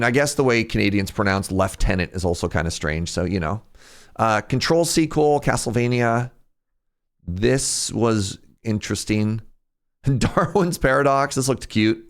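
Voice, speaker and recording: A young man with a lowish voice talks through a game showcase on his live stream. He rambles and corrects himself. His pitch jumps sharply whenever something catches his eye. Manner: rambling, chatty, quick pitch jumps when excited. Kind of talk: casual live-stream commentary.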